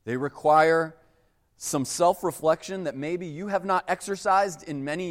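A man's voice: fairly high pitch, measured pace. A man preaching a sermon as a pastor, talking in a conversational way and acting out quoted voices. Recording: long hall reverb.

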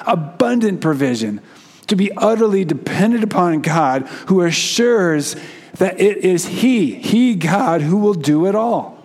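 A man delivers a sermon in a fairly high voice. He is earnest and conversational, chuckles often, and acts out the quoted lines like a lively retelling. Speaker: preacher.

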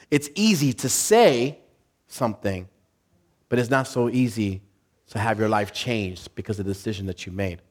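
A man preaching a sermon in a church service. He tells stories with energy and often restarts his sentences. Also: medium pitch. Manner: animated storytelling with frequent restarts. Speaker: pastor.

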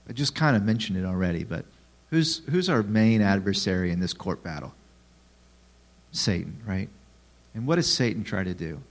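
A man's voice: on the low side, darkish tone. A man preaching a sermon in a conversational way, asking the listeners questions. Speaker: pastor.

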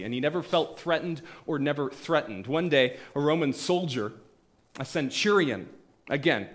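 A man with a fairly high voice preaches a sermon, retelling stories and acting out the quoted voices. He swings between loud bursts and hushed, quiet passages.

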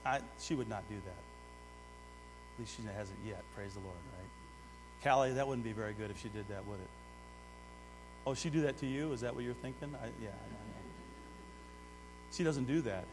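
A middle-aged pastor preaches a sermon at medium pitch and a slightly fast pace, pausing often. He swings between loud, urgent exhortation and hushed asides, putting direct questions to the congregation. The recording has long hall reverb and mains hum.

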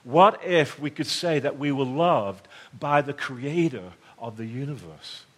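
A man's voice: medium pitch, unhurried. Conversational middle-aged male preacher. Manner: conversational, swings between loud emphasis and hushed tones. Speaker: pastor. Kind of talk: storytelling sermon.

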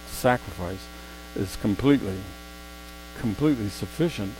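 A man preaching a sermon, swinging between quiet, slow asides and loud, emphatic exclamations. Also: mid-range voice, noisy background.

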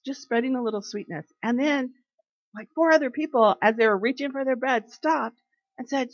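A woman's voice: high voice, normal speed. A woman giving a casual, chatty faith talk, telling everyday stories and acting out what people said. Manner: chatty storyteller who acts out quoted people. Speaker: devotional speaker. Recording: dry, slightly dull recording.

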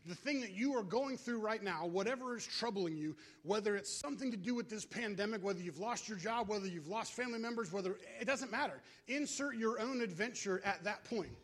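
A man's voice: high-pitched, lively intonation, fairly quick, hardly any pauses, a bit bright. A man preaching a sermon as pastor, in a casual, conversational way, calling out to the congregation.

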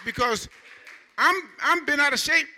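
High bright-voiced preacher, animated. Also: male voice, moderate pace, slight background noise. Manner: animated, conversational preaching with rising shouts. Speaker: pastor. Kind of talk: sermon.

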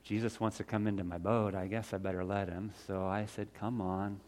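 A man playing the fisherman Peter, telling a Bible story in the first person in a folksy, conversational way that swings from loud to hushed. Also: on the low side, level tone, fairly quick, lightly acted. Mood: earnest. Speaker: storyteller in character.

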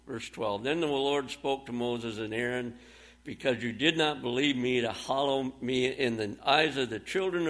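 A man's voice: mid-range voice, a bit bright. A man preaching a sermon, reading scripture aloud and retelling Bible stories with plain, folksy phrasing and a few fillers.

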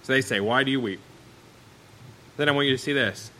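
A man preaching to a congregation with a bright, ringing voice. He reads scripture aloud in old wording, then retells it in plain speech. His voice climbs high and loud, then falls low and quiet. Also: a little fast, low-quality recording. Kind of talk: sermon.

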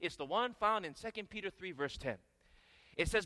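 Man, preacher, bright ringing voice, swooping emphatic delivery, hall reverb. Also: sits high, expressive, moderate pace. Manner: emphatic, asks the congregation questions and answers. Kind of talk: sermon.

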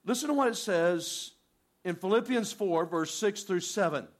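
A man preaching a sermon, reading scripture and acting out prayers in an animated, conversational way. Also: high-pitched, moderate pace. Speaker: pastor.

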